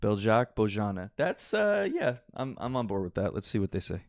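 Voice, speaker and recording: A man's voice: on the low side, very animated, moderate pace, creaky, dry recording, studio quality. Laid-back guy cohost, joking around, voice moves up and down a lot. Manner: easygoing, joking, laughs along. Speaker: podcast co-host. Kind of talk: casual chat.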